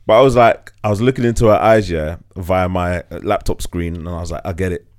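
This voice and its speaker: A man's voice: low voice, a little fast. A young man, co-hosting a podcast and telling stories in a laid-back, joking way. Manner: laid-back, storytelling banter. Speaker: podcast co-host. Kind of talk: casual chat.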